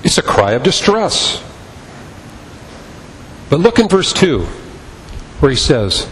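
A man's voice: fairly high pitch, very animated, slow, long pauses, fairly bright tone, big-room sound, slight background noise, rough recording. A man preaching a sermon as pastor, impassioned and repetitive in his cadence.

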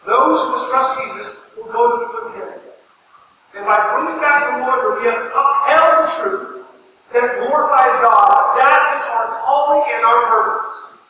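A man's voice: very high voice, lively intonation, a little slow, pushed and bright, slight background noise. A man preaching a sermon in a church, earnest and emphatic, repeating key phrases for weight. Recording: echoey hall recorded from far off.

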